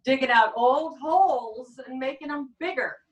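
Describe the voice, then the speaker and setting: A woman doing a stand-up comedy set with a rambling, halting deadpan delivery, often trailing off and restarting. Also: high-pitched. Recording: echoey room, far from the mic.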